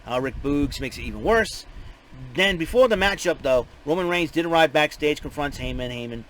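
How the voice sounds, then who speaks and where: Rambling, excitable man recapping a show. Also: a little high, moderate pace, rough recording. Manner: rambling, excitable, many restarts. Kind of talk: casual spoken recap.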